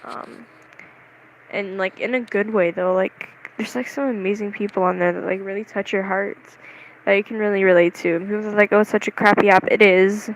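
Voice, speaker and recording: A young vlogger chatting casually to the camera, rambling and excitable, with lots of "like"s and giggles. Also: medium pitch, moderate pace, slight background noise, rough recording. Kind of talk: casual vlog chat.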